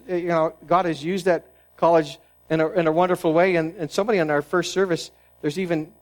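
Male pastor, fairly high voice, earnest sermon delivery, falls quiet for emphasis. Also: low-quality recording. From New England, United States. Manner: earnest preaching with restarts and sudden drops to a hushed tone.

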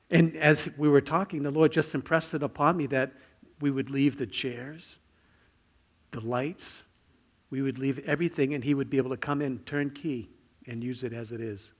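A middle-aged man preaching a sermon, telling a personal story and swinging between hushed, near-whispered lines and sudden loud bursts. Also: mid-range voice, steady tone, normal speed, pauses often, husky. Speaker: pastor.

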